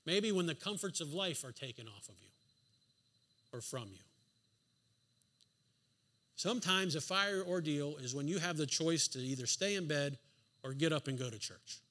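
This preacher's voice sits on the high side and sounds sharp and animated, moving at a moderate pace broken by long pauses. Speaking from a church sanctuary, he hammers his points with emphatic rhetorical questions and throws in the odd dry, sarcastic comment.

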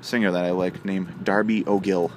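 A man's voice: sits low, little pitch movement, moderate pace, darkish tone, slight background noise. A man casually telling a long joke on his channel, rambling with many fillers. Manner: rambling, filler-heavy delivery.

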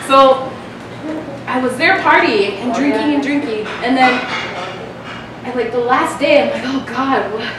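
A woman's voice: high voice, measured pace, long pauses, a loud crowd. A young woman performing a chatty, self-mocking stand-up comedy set, laughing at her own jokes in front of a small live audience. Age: young adult. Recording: echoey, distant, noisy live room recording.

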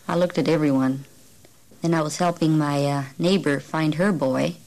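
A woman, a mother, giving quiet, subdued interview testimony. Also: sits low, steady tone, normal speed, low-quality recording.

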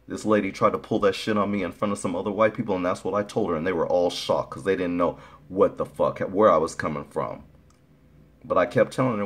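Blunt, profane man with a very deep voice. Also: a little fast, breathy edge. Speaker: YouTube vlogger. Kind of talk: casual opinion vlog.

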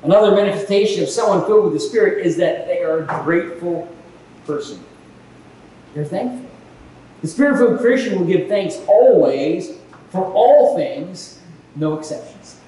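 Male pastor, high voice, animated sermon storyteller; echoey church hall from a distance, faint noise. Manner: animated storytelling, acting out quoted exchanges.

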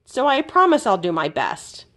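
A woman's voice: fairly high pitch, wildly swooping pitch, moderate pace, fairly bright tone, exaggerated voice. A woman reading a storybook aloud voices a cheeky male mouse who dislikes rules but is good-natured and candid. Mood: sheepish.

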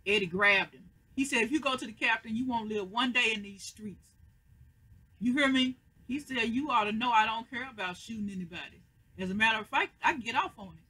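An American recap host talks through a TV episode at home on a webcam mic. The voice is bright and a little husky. Quoted lines get played out with growing emphasis. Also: medium pitch, a little fast, rough recording. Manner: retells scenes, acting out quoted lines with rising emphasis. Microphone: computer webcam mic.

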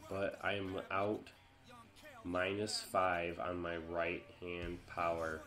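Slow-talking low-voiced man commentating gameplay. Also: completely flat delivery, fairly bright tone, faint music behind. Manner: chatty, groans and exclaims at setbacks. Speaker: gamer.

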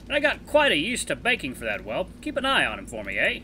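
A man's voice: on the high side, wildly swooping pitch, quick pace, pushed and bright, slight background noise, voice pushed up, full character voice. A man voicing a jovial, sly older male wolf merchant who teases and laughs heartily. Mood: hearty.

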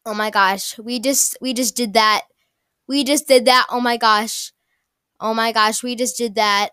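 A young woman giving casual gameplay commentary, excitable and gushing, often repeating herself and restarting. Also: a little high, unhurried, clear, resonant tone, dry recording, clean studio sound. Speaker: gaming YouTuber.

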